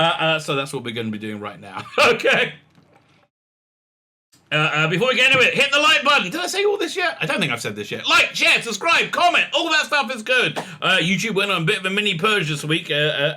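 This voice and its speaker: A man's voice: fairly high pitch, pushed and bright. A man delivering a sarcastic, mocking video commentary rant, laughing often and stumbling over fillers. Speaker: YouTube commentator.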